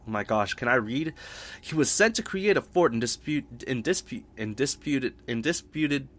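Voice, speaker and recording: A man's voice: mid-range voice, bright, forceful tone. A man reading history entries from a game aloud, with playful joking asides and frequent stumbles over words. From Britain. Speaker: gaming YouTuber.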